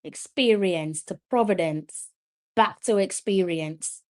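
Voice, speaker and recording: A woman streams live match commentary in a loose, conversational way, talking straight into her microphone. She is chatty between plays and breaks into loud, exasperated exclamations when the action turns. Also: lowish voice, slow. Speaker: watch-along match commentator.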